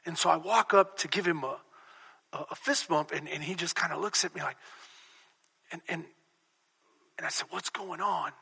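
Man, pastor, sermon, storytelling, emphatic repetition, sharp bright tone, reverberant church. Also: fairly high pitch, moderate pace, creaky, long pauses, slightly rough. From Texas. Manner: storytelling, rises to emphatic repeated declarations. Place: church sanctuary.

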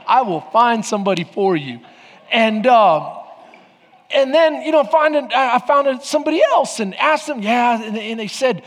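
A man's voice: very high voice, big pitch swings, normal speed, a bit bright. A man preaching as a pastor, telling stories and calling out to the congregation. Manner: storytelling with audience call-outs. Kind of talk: sermon. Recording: long hall reverb.

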